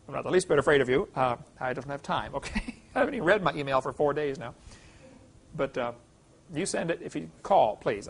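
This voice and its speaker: A man's voice: mid-range voice, vocal fry, slight background noise. A middle-aged man teaching a creation science class, lecturing in a folksy, emphatic way and reading scripture aloud.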